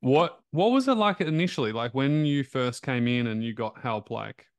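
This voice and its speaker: An Australian man hosting a casual interview, talking in a relaxed, informal way with loose fillers. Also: mid-range voice, normal speed. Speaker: interview host.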